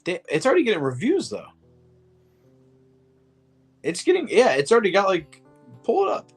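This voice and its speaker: A man's voice: high voice, huge pitch swings, moderate pace, slightly rough, faint music behind. Joking, foul-mouthed podcast co-host man. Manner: profane, joking, laughs often. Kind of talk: casual chat.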